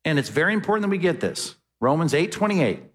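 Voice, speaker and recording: A man's voice: on the high side, sing-song, fast talker. A man preaching an expository sermon as a pastor, talking conversationally and often asking the congregation questions. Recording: long hall reverb.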